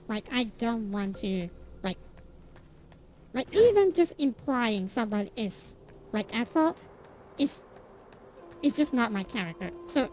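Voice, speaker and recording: A woman's voice: mid-range voice, darkish tone. A young woman streamer chatting casually while gaming, rambling and self-deprecating with lots of restarts and fillers, and laughing often.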